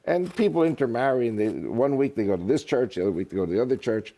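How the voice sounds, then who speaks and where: A man being interviewed who talks freely and drifts into jokes and stories. His pitch swings widely, and his delivery is animated. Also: quick pace. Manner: animated, joking storyteller. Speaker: guest, author and politician. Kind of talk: casual interview talk.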